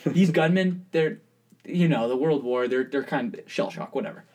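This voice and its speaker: A man's voice: mid-range voice, normal speed, darkish tone. A man in casual conversation, joking and rambling with frequent laughter. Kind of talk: casual podcast chat.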